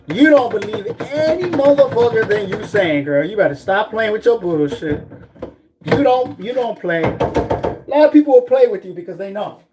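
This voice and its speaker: A man's voice: sits high, big pitch swings, moderate pace, background noise. Blunt, profane man giving a pep talk. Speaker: vlogger. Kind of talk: casual livestream pep talk.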